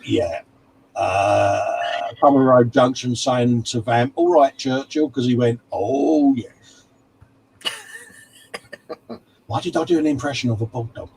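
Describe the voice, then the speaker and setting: A man's voice: mid-range voice, normal speed, gravelly, a little mellow, breathy edge, rough recording. A man co-hosting a casual livestream chat, reading out viewer comments and calling everyone mate. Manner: chatty, calls everyone mate. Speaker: livestream co-host.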